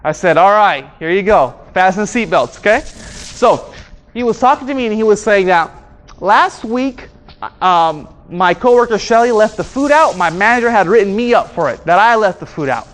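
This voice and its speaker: A high-pitched man at normal speed delivers a motivational training talk about conflict to an audience. As a speaker and trainer, he's animated, voicing the different people in his stories as he acts out their exchanges.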